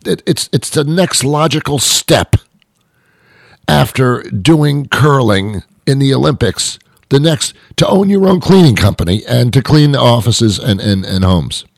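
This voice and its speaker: A man's voice: mid-range voice, lively intonation, unhurried, gravelly, no echo, clean studio sound. A man hosting a comedy show, delivering a rambling comic monologue with frequent restarts and mock outrage.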